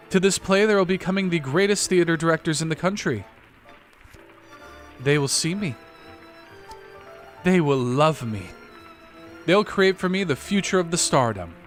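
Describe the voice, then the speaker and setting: Guy putting on a stuck-up drama-queen schoolgirl for a story game, pitched up high and swooping, pompous, talks in weird broken phrases. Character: haughty French schoolgirl in the sixth form.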